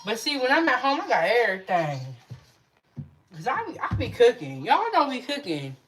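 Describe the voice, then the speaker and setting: A chatty young woman hosts a cooking livestream from her home kitchen, greeting viewers by name as she works. Her voice sits a little high and swings up and down in lively, sing-song bursts. A faint hiss of noise runs under the recording. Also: moderate pace. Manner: chatty, reads out and answers live chat comments. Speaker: cooking show host. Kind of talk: casual cooking livestream chat.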